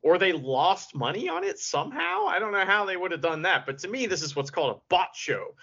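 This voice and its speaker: Animated, bright-voiced man hosting a podcast. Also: high voice, fairly quick, gravelly. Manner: animated, laughs often, swears casually. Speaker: podcast host. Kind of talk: casual podcast chat. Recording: dull lo-fi audio.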